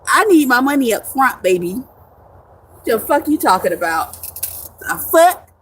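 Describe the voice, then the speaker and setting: A young woman with a fairly high voice chats on her live stream, answering viewers brashly. She swears freely and jokes around, laughing often. A faint hiss sits under her voice. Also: sing-song, unhurried. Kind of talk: casual live-stream chat reading viewer comments.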